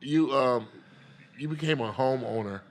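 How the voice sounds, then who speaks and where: A man, a guest comedian, chatting casually on a podcast and telling animated stories with bursts of loud impressions. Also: medium pitch, measured pace. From San Diego.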